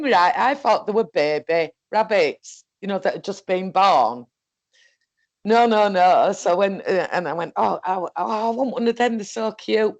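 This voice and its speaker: A woman's voice: medium pitch, expressive, unhurried, a little mellow. Chatty Northern English woman, rambling. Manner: rambling, chatty, laughs often while telling a story. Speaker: co-host. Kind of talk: casual chat.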